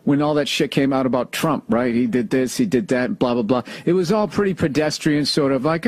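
A comedian podcaster from the United States, his voice a little high, goes on a heated rant in a podcast monologue. He speaks at normal speed with hardly any pauses, telling a profane, sarcastic story.

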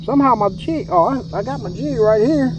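A man's voice: extremely high pitch, animated, a little fast, highs cut off, background noise. A man, chatting casually to viewers while fishing from a boat on a lake. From Texas. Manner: chatty, drawling, addresses viewers as y'all. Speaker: fishing guide. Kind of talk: casual fishing vlog commentary.

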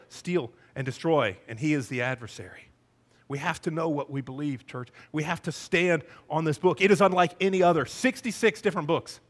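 A man's voice: a little high, fairly bright tone. A male pastor giving a sermon with emphatic, passionate preaching.

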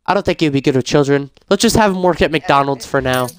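Game commentator, male, mid pitch, smooth clear voice, dry close mic, chatty and prone to frantic outbursts. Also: quick pace, no echo. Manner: reads game prompts aloud, grows frantic and shouty. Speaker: gaming YouTuber. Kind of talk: casual let's-play commentary.

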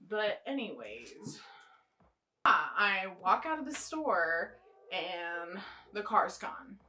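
Doing her makeup for a get-ready-with-me chat, this young adult beauty vlogger rambles bluntly and swears a lot. Her medium-pitched voice is very animated and sharp, she draws words out, and the recording quality is low.

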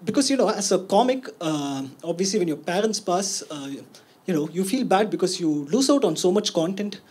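A man's voice: high-pitched, brisk, breathy edge. A man doing a stand-up comedy set, telling stories animatedly before a live audience. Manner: animated storytelling, sombre in the closing part.

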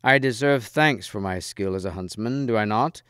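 A man voicing a jovial, boisterous castle lord from a storybook. The voice is low, smooth and hearty. It is recorded close and dry. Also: moderate pace, dry recording, lightly acted. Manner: hearty, boisterous, a bit louder.

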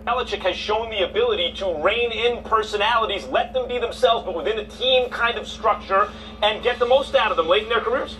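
Quick, high-voiced male sports pundit. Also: sharp tone, distant mic, low-quality recording. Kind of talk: sports debate talk.

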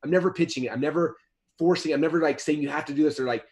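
A man's voice: fairly high pitch, racing, a little mellow. A man in his thirties, a guest author in a casual interview, talking in a rambling way with many restarts and repeated words.

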